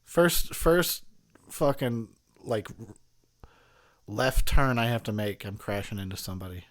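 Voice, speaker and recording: A man's voice: on the low side, lively intonation, unhurried. A man who is drunk, giving a rambling, profane film commentary between frequent laughs. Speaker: commentary host.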